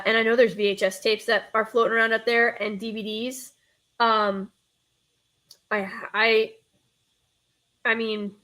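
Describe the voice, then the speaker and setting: A young woman with a Northern US accent chats on her live stream in a fairly high voice. She rambles and stops herself mid-sentence, talking casually straight to her viewers. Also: a bit bright. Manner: rambling, chatty, reads chat aloud, self-interrupting. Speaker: streamer hosting a nostalgia show.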